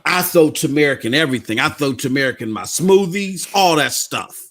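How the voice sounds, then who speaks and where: A middle-aged man, hosting a casual live gaming stream, animated and repetitive, laughing often. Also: on the high side, normal speed, a little hiss or hum.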